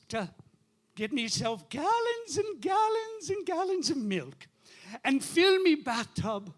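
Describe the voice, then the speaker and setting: A man playing an excited old widow. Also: high-pitched, pitched above the performer's own voice, full character voice. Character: excited old Irish widow, Mother McCree.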